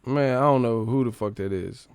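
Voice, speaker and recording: A man's voice: medium pitch, moderate pace, clear, resonant tone, no echo. A man hosting a live stream, casually reacting to chat with profane, mocking commentary.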